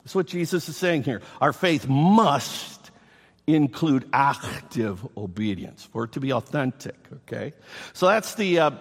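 A man preaching a sermon, emphatic and animated, with playful asides to the congregation. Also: a little high. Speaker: pastor. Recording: long hall reverb.

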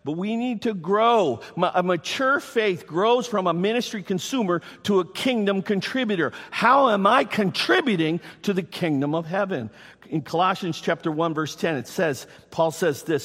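A man's voice: sits high, animated, moderate pace, fairly bright tone. A man preaching a sermon as pastor to his congregation, reading scripture aloud and speaking directly to the people. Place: church. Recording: reverberant hall.

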